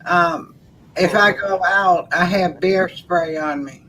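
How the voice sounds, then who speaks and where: A woman's voice: lowish voice, takes it slowly, fairly bright tone, slight background noise, rough recording. Chatty Southern woman telling a wry story. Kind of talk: casual podcast chat.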